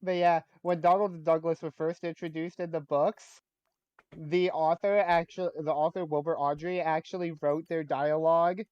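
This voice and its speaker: Guy gamer rambling trivia and dad jokes, kinda high voice, muffled dry mic. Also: steady tone, moderate pace, clean tone, no room sound. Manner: chatty, rambling trivia talk with restarts and jokes. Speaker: gamer on a livestream. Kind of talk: casual gaming chat.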